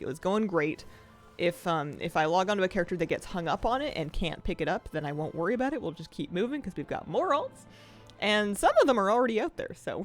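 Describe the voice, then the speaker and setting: A woman streaming a game live, chatting in a rambling way and laughing often. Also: medium pitch. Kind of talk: casual live-stream chat while gaming.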